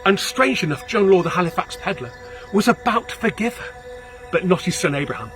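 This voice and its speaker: A man, a local guide telling a story on location outdoors, theatrical, shifting between hushed and loud. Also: high-pitched, animated, fairly quick, soft background music. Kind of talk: dramatic storytelling.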